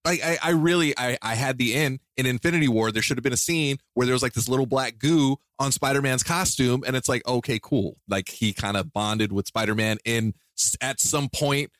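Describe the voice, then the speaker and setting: Young male podcast co-host, playful and jokey, middle pitch, dry close mic. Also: brisk, hardly any pauses, a bit bright, dry recording. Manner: playful, jokey, laughs often. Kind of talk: casual chat.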